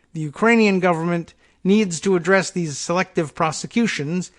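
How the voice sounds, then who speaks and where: A man with a slightly high voice hosts a talk podcast, reading articles aloud. He drops dry, sarcastic remarks between quotes. He trips over and spells out foreign names as he goes. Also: a bit bright. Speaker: podcast host. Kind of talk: reading news aloud with commentary.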